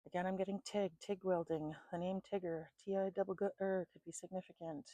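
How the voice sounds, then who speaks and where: A woman doing an intuitive psychic reading at home, calmly listing names and places she picks up, thinking aloud and a bit sleepy. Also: lowish voice, fast, dry recording, low-quality recording. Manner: calm, repetitive, thinking aloud. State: sleepy, yawning. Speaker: psychic reader.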